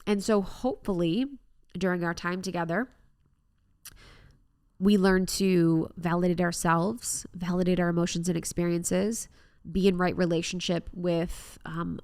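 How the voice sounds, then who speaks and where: Young female podcast host, lowish voice with vocal fry, earnest and reflective, dry close mic. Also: no room sound. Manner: warm, earnest, reflective self-help talk. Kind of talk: solo podcast monologue.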